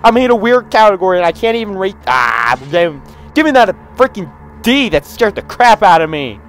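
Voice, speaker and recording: A man giving excitable reaction commentary to memes, with loud outbursts and frequent laughter. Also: sits high, fairly quick.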